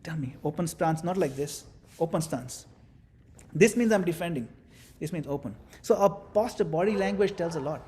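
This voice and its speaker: A man with a fairly high voice leads a devotional class, talking in a lively, demonstrative way. He acts things out as he teaches and slips in playful asides. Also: normal speed, slight background noise. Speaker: spiritual teacher.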